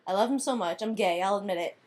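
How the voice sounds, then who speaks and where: A woman's voice: mid-range voice, quick pace, a little mellow, pitched below the performer's own voice, close to an everyday voice. A woman voicing a dramatic young male vampire with a mopey delivery. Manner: mopey confession.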